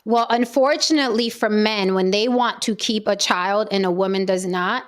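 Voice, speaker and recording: A young adult woman hosting a heated panel discussion, firm and steady as she talks over interruptions to keep control. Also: medium pitch, normal speed. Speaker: panel show host.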